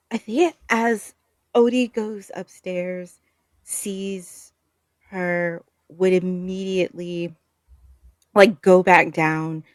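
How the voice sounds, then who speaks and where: A woman describes her character comforting someone in a tabletop game, gentle and hesitant. Her voice is fairly low and slow, at times sinking to a soft whisper. The recording is dry. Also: no echo. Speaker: player.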